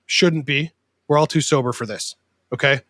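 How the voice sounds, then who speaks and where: A man's voice: medium pitch, normal speed, bright, forceful tone, no echo. A man hosting a podcast in a casual, joking and openly sentimental way. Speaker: podcast host.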